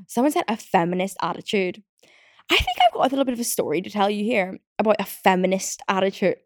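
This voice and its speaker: A woman's voice: medium pitch, a little fast, dry recording, clean studio sound, faint music behind. A young British woman hosting a podcast, chatting casually and ranting in a riled-up way, with lots of fillers, swearing and frequent laughter. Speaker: podcast host. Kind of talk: casual chat.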